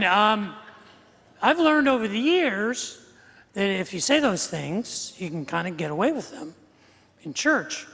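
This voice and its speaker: A man's voice: sits high, bright, forceful tone. A middle-aged man preaching a sermon as pastor, in a humorous, conversational way. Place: church sanctuary. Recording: long reverb of a church hall.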